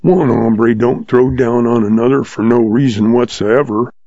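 A man voicing a grumpy, gruff old one-legged ranch boss in an audiobook, growling his lines, with a dull, dry, lo-fi sound. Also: mid-range voice, moderate pace, dark tone, dry recording, close to an everyday voice. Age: older.

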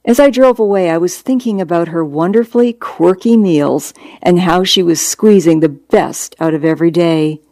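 A hospice doctor reading a memoir aloud in a calm, measured, reassuring way. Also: medium pitch, no echo, clean studio sound. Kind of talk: audiobook memoir narration.

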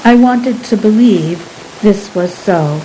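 Slow, mellow woman narrating a story. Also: medium pitch, expressive, a little hiss or hum, poor audio. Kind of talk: scripted first-person narration.

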